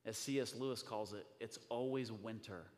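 Pastor preaching in a reverberant hall. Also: male voice, lowish voice, normal speed, darkish tone. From US Midwest. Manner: conversational, then builds to fervent preaching. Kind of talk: sermon.

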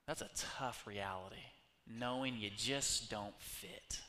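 Animated preacher guy, bright voice, big echoey church hall. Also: lowish voice, takes it slowly. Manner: animated, acts out quoted voices and shouts. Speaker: pastor. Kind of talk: sermon.

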